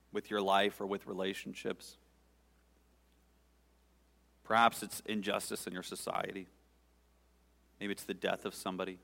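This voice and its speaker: Low-voiced male pastor, earnest sermon delivery, long reverb of a church hall. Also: gravelly, fairly bright tone. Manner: earnest, pausing, conversational with the congregation.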